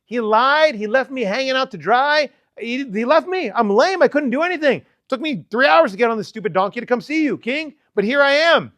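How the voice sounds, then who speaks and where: A man voicing a desperate lame young man who pleads with a king and speaks in a rushed, high-pitched way. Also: animated, fairly bright tone, no echo. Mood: pleading.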